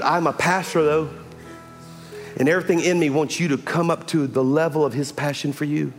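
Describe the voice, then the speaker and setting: A man delivers a sermon from the pulpit, his voice sitting a bit high and climbing into shouted exhortations. He tells stories casually, then calls out to the congregation for response. The sound carries a long church reverb with soft piano and a faint crowd behind. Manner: builds to shouted, rising exhortation with call-and-response. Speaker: pastor. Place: large church sanctuary with audience.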